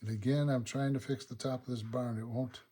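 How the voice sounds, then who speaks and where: A man with a slightly husky voice demonstrates a watercolor painting in his studio. He talks in a relaxed, unhurried way, thinking aloud about each step as he works. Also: medium pitch. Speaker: watercolor instructor.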